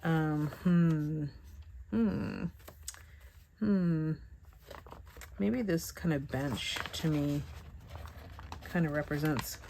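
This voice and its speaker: A woman teaching Bible journaling, chatting softly and thinking aloud with hums and pauses as she works at a craft table. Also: sits low, vocal fry, slight background noise. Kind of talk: relaxed craft tutorial narration.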